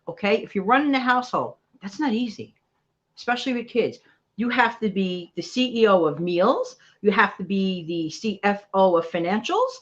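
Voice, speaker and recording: Chatty New York woman, animated. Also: mid-range voice, dull audio. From New York City. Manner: chatty, motivational, talks straight to viewers. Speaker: livestream host. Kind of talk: casual live chat.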